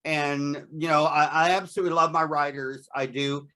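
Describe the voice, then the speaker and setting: A candid, chatty man talks through an interview about his horror hosting show, breaking into laughter often. His voice sits a little high for a man and carries easy good humor. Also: fairly even intonation, moderate pace, pushed and bright. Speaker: guest, horror host performer. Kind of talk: casual interview.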